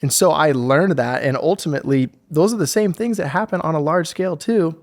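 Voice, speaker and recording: A man in his twenties, a guest on a podcast interview, telling stories in an upbeat, animated way and acting out quotes. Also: on the high side, a little fast, dry recording, studio quality. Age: 20s. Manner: upbeat, animated storyteller who acts out quotes. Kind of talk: conversational interview.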